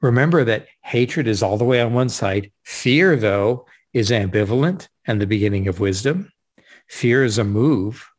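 A man, a guest author and speaker, in an enthusiastic literary discussion, stressing his points and slowing down to read quotations with weight. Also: medium pitch, lively intonation.

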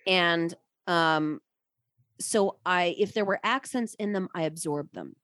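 Guest narrator: woman, lowish voice, dry close sound, chatty and self-interrupting. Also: slow pace, a bit bright, dry recording. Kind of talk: conversational interview answers.

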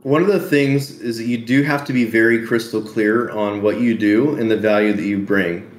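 A man being interviewed about his business, telling lively stories, acting out quotes and laughing often. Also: on the low side, moderate pace. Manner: animated storyteller, laughs often, acts out quotes. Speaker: podcast guest, entrepreneur. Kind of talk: casual interview storytelling. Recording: roomy echo.

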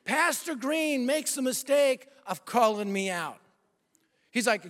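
Animated male preacher in reverberant hall. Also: high-pitched, a little fast. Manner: animated, swings from loud bursts to hushed confession. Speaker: pastor. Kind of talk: sermon with storytelling. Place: large church hall.

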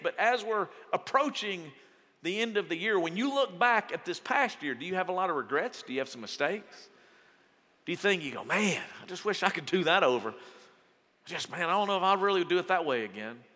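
Animated pastor in a reverberant hall. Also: male voice, a little high. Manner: animated, acts out quoted voices, laughs while telling stories. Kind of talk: storytelling sermon. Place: large church auditorium.

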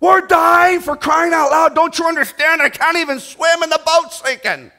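Brief: man playing frightened sailors, high and frantic, yelling for help. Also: normal speed, gravelly, heavily acted. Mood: panicked. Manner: shouting, pleading. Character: panicking men in a sinking boat.

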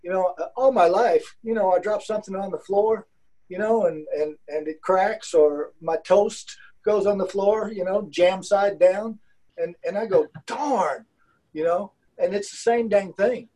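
An older man with a mellow, slightly raised voice shares his experience with a discussion group. He talks haltingly, restarting sentences and reaching for homespun phrases. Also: high-pitched, rough recording. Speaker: class participant. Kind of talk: personal sharing in a group.

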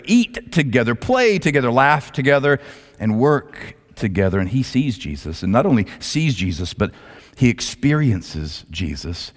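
Animated preacher man with big pitch swings. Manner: dramatic storyteller, swings between loud and hushed. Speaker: pastor. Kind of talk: sermon. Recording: long hall reverb.

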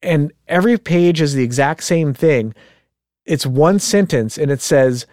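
This is a man in casual podcast conversation who retells stories with energy, swearing and slipping into quoted voices. His voice sits a little high for a man. It is recorded close and dry, with no room echo. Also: a little slow. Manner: animated storyteller who swears and acts out quotes. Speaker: podcast co-host.

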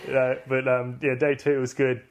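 A young Australian man hosting a podcast in easygoing, casual chat. His pitch sits right in the middle for a man. He tells his stories with lots of laughter and acts out the people in them. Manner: chatty, laughs often, acts out anecdotes. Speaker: podcast host.

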